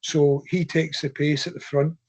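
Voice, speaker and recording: A man's voice: fairly high pitch, level tone, moderate pace, a little mellow, slightly rough. A man with a Scottish accent, a podcast guest telling a chatty, rambling anecdote in a casual way and laughing often. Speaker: podcast guest, ultra runner. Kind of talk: casual storytelling. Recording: slightly dull lo-fi podcast audio.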